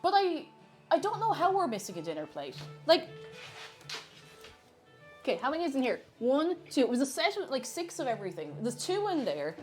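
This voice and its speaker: Irish woman, casual streamer chat, reads chat aloud, bouncy pitch, slightly high voice, soft music behind. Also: huge pitch swings, brisk, long pauses. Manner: chatty, reads chat aloud, laughs often. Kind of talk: casual live-stream chat while baking.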